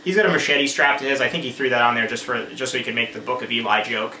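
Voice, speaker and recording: Rambling man with a bright tone. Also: medium pitch, steady tone, racing. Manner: rambling, restarts sentences, laughs easily. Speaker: co-host of a survival gear channel. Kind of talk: casual banter. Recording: roomy echo with faint noise.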